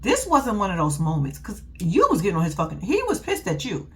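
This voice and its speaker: A woman's voice: mid-range voice, wildly swooping pitch, a little fast, a bit bright. A young woman, giving a blunt, sassy, profane casual recap with laughing asides. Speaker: reality TV recap host.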